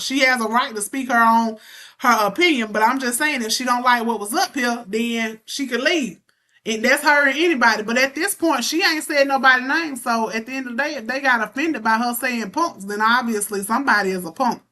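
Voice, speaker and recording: A woman's voice: a little high, brisk, bright, forceful tone. A woman co-hosting a casual talk show, blunt and sassy. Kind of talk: casual chat.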